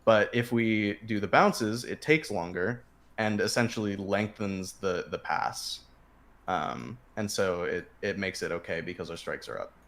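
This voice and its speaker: Guy coaching someone on a video game, lowish voice, lots of ums and restarts, easygoing explaining. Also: measured pace, a bit bright. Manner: explains patiently with many fillers and restarts. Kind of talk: casual coaching over a screen share.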